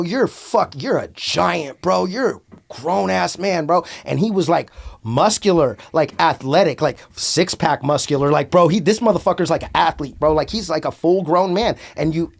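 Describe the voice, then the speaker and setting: Male guest, slangy, profane storyteller, a bit high-pitched. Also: creaky. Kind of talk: casual storytelling.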